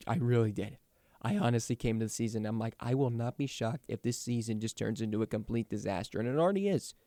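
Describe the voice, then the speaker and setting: A man's voice: medium pitch, mellow, no echo. A young man hosting his own sports talk show, ranting about his team with frustration and plenty of restarts. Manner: frustrated, rambling, many restarts. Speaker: sports podcast host. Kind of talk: casual fan commentary.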